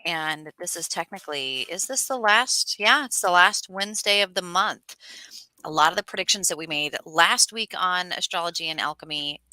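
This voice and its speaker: A woman co-hosting a casual chat show, telling stories in a lively, animated way. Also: lowish voice, normal speed, no echo, low-quality recording. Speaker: co-host.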